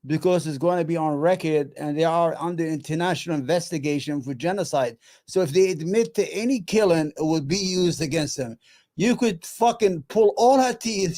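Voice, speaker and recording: A man ranting as host in a rather high voice, blunt and profane; he hammers his points home, swears often, and speaks with relentless, heated conviction. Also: warm tone. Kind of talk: profane reaction commentary.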